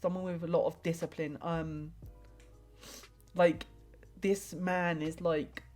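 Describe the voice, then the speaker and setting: A woman's voice: fairly low pitch, little pitch movement, takes it slowly, darkish tone, faint music behind. A young woman live-streaming a tarot reading in casual chat, rambling and hesitant with many filler words.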